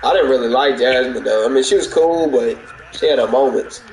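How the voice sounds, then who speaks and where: A man's voice: medium pitch, fairly quick, a little mellow, roomy sound, slight background noise, low-quality recording. A man in casual chat, telling rambling, profane stories about his job with lots of false starts and restarts.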